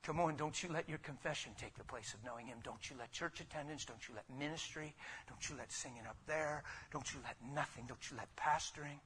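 A man preaching an impassioned sermon in church. He swings from loud exhortation to near whispers and piles up repeated phrases. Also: on the high side, a little fast, a little hiss or hum. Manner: repetitive rhetorical build-ups.

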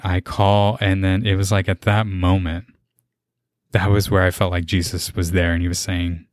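Earnest low-voiced young man. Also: level tone, no echo, clean studio sound. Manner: earnest, halting, emotional. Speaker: podcast host. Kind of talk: personal faith testimony.

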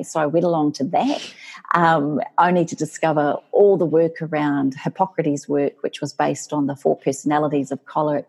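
A middle-aged woman telling her story as an interview guest, lively and animated, acting out quotes. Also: sits low, creaky, husky. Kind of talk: storytelling in casual chat.

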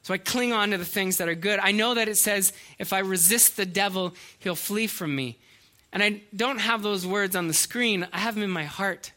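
A man's voice: sits high, normal speed, sharp tone. A middle-aged male pastor preaching a sermon, earnest and storytelling, with small hesitations and restarts.

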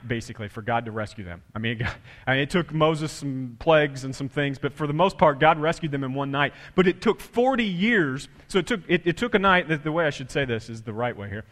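With a fairly high, slightly bright voice, a man preaches as pastor, impassioned and repetitive, frequently starting his phrases over. Long church reverb fills the recording.

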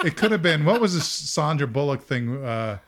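A man's voice: on the high side, very animated, moderate pace, a bit bright, a little hiss or hum. A middle-aged man hosting a podcast, telling a story in casual talk, laughing often and acting out quotes. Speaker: podcast host.

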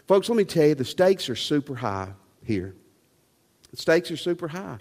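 A man's voice: a little high, very animated, normal speed, darkish tone. A man preaching a sermon as pastor, emphatic and full of rhetorical questions. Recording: long hall reverb.

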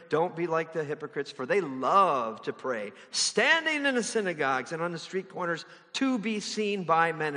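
A man's voice: sits high, bright, forceful tone, in a large hall. A man preaching a sermon in a conversational way, now and then mimicking others in exaggerated voices. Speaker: pastor.

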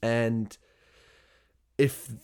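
Man, young adult, casual monologue, swears a lot, laughs while talking, mid-pitched voice. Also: little pitch movement, extremely slow, a little mellow, smooth.

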